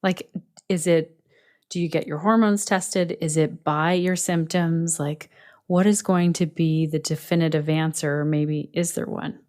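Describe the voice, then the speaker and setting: A woman's voice: deep voice, steady tone, unhurried, a little mellow. A woman hosting a podcast, asking curious questions in a casual interview. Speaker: podcast host.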